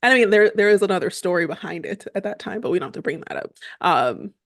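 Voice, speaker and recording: A woman's voice: medium pitch, lively intonation, quick pace, no echo, clean studio sound. A woman co-hosting a family podcast, chatting casually with many fillers and easy laughter. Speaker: podcast co-host. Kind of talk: casual chat.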